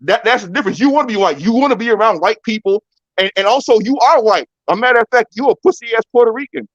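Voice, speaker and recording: A boastful man talks fast in a high, quick voice, repeating and stumbling over phrases as he calls in. The call audio is dull and lo-fi, like a muffled line. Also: lively intonation. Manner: boastful, repetitive, stammering. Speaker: caller. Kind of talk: heated casual banter.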